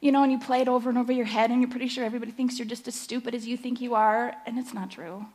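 A woman's voice: on the high side, steady tone, rapid-fire, darkish tone, slight background noise. A middle-aged woman giving a candid, story-driven church teaching, self-deprecating and chatty. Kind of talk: personal sermon-style teaching.

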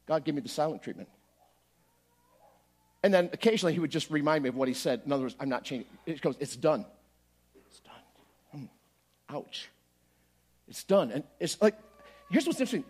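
Barwny, ożywiony kaznodzieja, mężczyzna. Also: male voice, a little high, a little fast, pauses often. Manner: animated, swings from quiet to loud, acts out his own prayers. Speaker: pastor. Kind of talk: sermon storytelling.

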